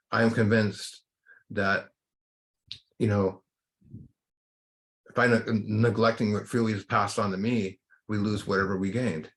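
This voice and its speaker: Earnest low-voiced man leading a meditation. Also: a bit bright. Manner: earnest, slow, reflective. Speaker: recovery workshop speaker. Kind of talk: talk and guided meditation.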